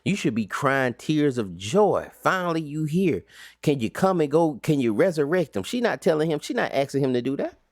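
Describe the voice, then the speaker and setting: A man's voice: fairly high pitch, very animated, normal speed, dry recording, clean studio sound. A man teaching an informal Bible study recap, talking casually with slang and rhetorical questions.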